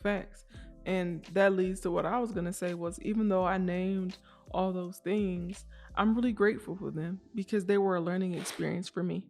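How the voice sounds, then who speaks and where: A woman's voice: fairly low pitch, fairly even intonation, moderate pace, a little mellow, soft background music. Chatty young woman co-hosting. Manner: chatty, slangy, laughs often. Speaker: podcast co-host. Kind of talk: casual chat.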